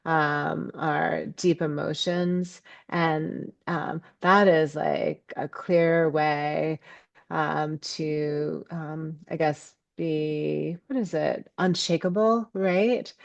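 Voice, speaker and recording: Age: unknown. Sex: woman. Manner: thoughtful and halting, often pausing with ums. Role: podcast interview guest. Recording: dull, lo-fi and dry, low and slow. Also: gravelly, dry recording. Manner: thoughtful, halting with many ums, lively when voicing her own inner thoughts. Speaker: guest, ecopsychology scholar and author. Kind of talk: reflective podcast interview talk.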